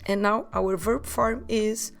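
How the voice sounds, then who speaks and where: Slow, gravelly-voiced woman teacher. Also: medium pitch, steady tone, soft background music. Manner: slow, careful pronunciation drills with repetition. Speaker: language teacher. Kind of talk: podcast language lesson.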